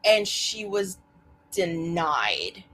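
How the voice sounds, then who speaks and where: A woman in her thirties, a guest on a podcast, chatting casually in an unhurried way. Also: lowish voice, big pitch swings, fairly bright tone.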